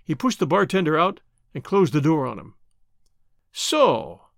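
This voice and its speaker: A man narrating a mystery story and hosting the show, with expressive storytelling. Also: fairly high pitch, a little fast, gravelly, no echo, clean studio sound. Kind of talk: audiobook narration.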